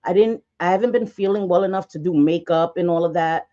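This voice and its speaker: A woman's voice: lowish voice, brisk, mellow. Chatty woman on a lo-fi livestream. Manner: chatty storytelling, swears freely; frequent laughs and restarts. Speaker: livestream host. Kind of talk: casual livestream chat.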